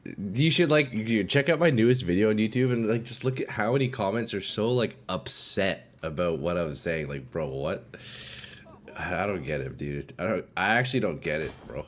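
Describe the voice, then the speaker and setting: In casual livestream chat, a game streamer addresses viewers as "dude" and "boys" in easygoing slang. He speaks at normal speed in a low, expressive voice with a fairly bright tone.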